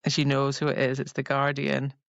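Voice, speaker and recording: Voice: medium pitch, monotone, fairly quick, vocal fry, a bit bright, clear, resonant tone, no echo, highs cut off. A podcast co-host casually recapping a book's plot in a rambling way and quoting its dialogue. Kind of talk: casual book discussion.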